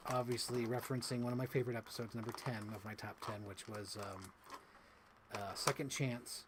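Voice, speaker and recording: A man's voice: medium pitch, fairly even intonation, fairly quick, background noise. Tired, chatty man unboxing toys. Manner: chatty, tired, laughing, swears casually. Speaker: toy collector streamer. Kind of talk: casual unboxing livestream.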